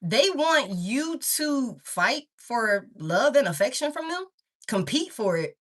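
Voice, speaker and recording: A woman's voice: on the high side, big pitch swings, slow. A woman doing a casual tarot reading, talking straight to her viewers in a rambling, candid way and swearing freely. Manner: talks straight to viewers, calls them baby and y'all. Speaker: tarot reader.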